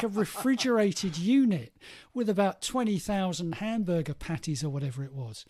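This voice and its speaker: A man's voice: on the high side, animated, normal speed, hardly any pauses, darkish tone. A man hosting a podcast, telling stories in casual chat and laughing between lines. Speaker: podcast host.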